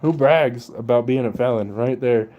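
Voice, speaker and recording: A man's voice: medium pitch, normal speed, dark tone, dull audio. A young man ranting casually and profanely, with slang and laughter. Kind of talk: casual political rant.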